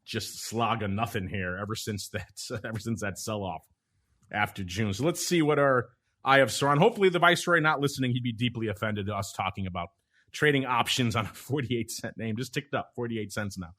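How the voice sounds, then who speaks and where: A man's voice: fairly low pitch, fairly quick, fairly bright tone. A man hosting a podcast in casual chat, teasing his co-hosts playfully. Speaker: podcast host.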